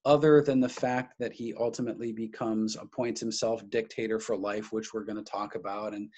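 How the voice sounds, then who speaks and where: A man's voice: on the low side, level tone, brisk, darkish tone, breathy edge. A man lecturing on history, speaking off the cuff, restarting phrases and stressing key names.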